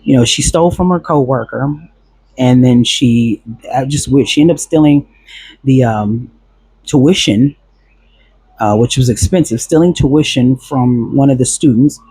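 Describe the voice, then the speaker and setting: A man talks through a personal story in a loose, rambling way, circling back with fillers and restarts. His voice sits at an ordinary pitch with a husky edge. The sound is dry and close, with no room echo. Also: a little slow, mellow. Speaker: vlogger recounting a past relationship. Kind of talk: casual storytelling monologue.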